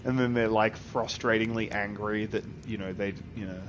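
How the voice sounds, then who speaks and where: A man's voice: on the low side, fairly even intonation, moderate pace, noisy background. A man streaming live, chatting casually with his viewers, rambling and laughing often. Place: at his computer.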